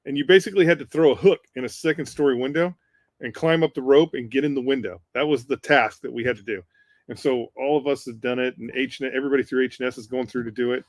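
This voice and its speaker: A man telling a profane war story on a casual podcast, animated and swearing freely. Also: medium pitch. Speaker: podcast co-host.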